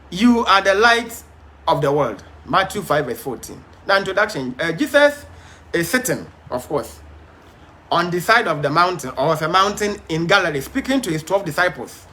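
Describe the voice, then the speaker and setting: A man's voice: a little high, sharp tone. A man teaching a Bible study, emphatic but hesitant, with frequent fillers and restarts.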